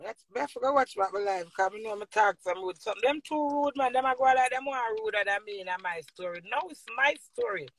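A middle-aged Jamaican woman vlogs a rowdy, rambling rant to her viewers in patois, laughing frequently and speaking with a Jamaican accent. Her mid-range voice moves fast with few pauses.

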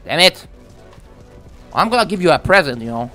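A young man commenting on his own gameplay from home, swearing a lot and ranting with excitement. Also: fairly high pitch, very fast, faint music behind. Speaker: gaming commentator. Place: room at home.

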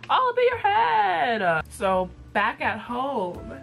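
A young woman vlogger casually retelling a cartoon episode in a profane, slangy, animated way. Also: high-pitched, slow, gravelly, soft background music. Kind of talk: casual chat.

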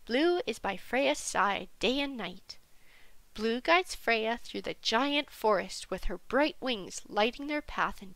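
A woman narrating a children's storybook gently, sometimes dropping to a soft whisper. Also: on the high side, vocal fry, no room sound, low-quality recording.

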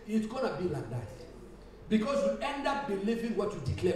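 Male pastor, sermon delivery with shouted builds and laughs; distant mic, heavy church echo, faint hiss. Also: sits high, sing-song, brisk. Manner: preaching with rising shouts and laughter, repeating phrases. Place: church hall. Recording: echoey church hall from far off, faint hiss.

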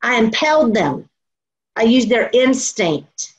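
A woman preaching a sermon in an earnest, storytelling way, slowing down to stress her points. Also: a little high, big pitch swings. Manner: earnest, storytelling, slows for emphasis. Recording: dull lo-fi recording.

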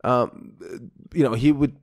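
Animated, swearing male podcast co-host. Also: medium pitch, unhurried. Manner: swears constantly, animated, acts out both sides of quoted arguments. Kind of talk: casual storytelling chat.

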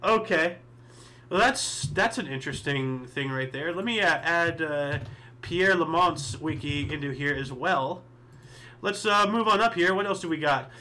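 A man's voice: a little high, a little slow, pushed and bright. A man hosting a history show, reading dates and thinking aloud in casual solo commentary with many fillers and asides.

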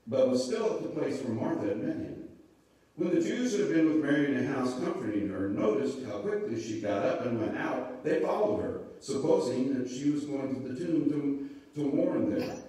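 A man's voice: medium pitch, warm tone. Man reading scripture in an echoey church. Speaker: pastor leading children's moment. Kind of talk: scripture reading and children's talk. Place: church sanctuary. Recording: echoey church room, mic far off.

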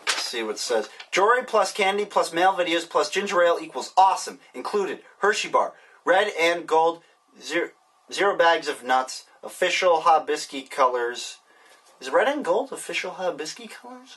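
A man's voice: on the high side, sing-song, measured pace, a bit bright. Wry rambling man opening mail. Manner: sarcastic, rambling, joking. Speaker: vlogger. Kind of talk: casual mail-opening vlog. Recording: distant mic, faint hiss.

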